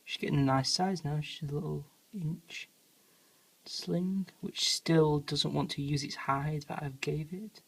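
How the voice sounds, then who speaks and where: Hobbyist talking low and easy while filming, casual vlog on a camera mic. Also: fairly even intonation, a little slow, gravelly, slightly rough, rough recording. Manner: quiet, soft-spoken, laid-back. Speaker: hobby pet keeper filming feedings. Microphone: handheld camera mic.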